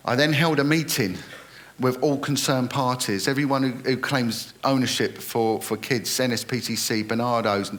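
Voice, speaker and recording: A man's voice: mid-range voice, normal speed, fairly bright tone. A middle-aged man, a retired police detective earnestly recounting his experiences in an interview and quoting others in dialogue.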